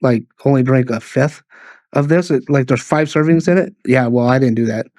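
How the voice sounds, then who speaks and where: A man's voice: medium pitch, normal speed, a little mellow, dry recording. A man in casual podcast chat, talking bluntly and swearing a lot.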